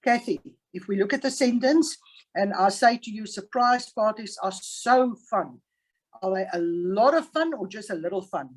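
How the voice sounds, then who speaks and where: A woman's voice: mid-range voice, lively intonation, a little fast, darkish tone, breathy edge, poor audio. A woman English teacher giving an online grammar lesson on a video call, patient and stressing each example sentence. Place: online class.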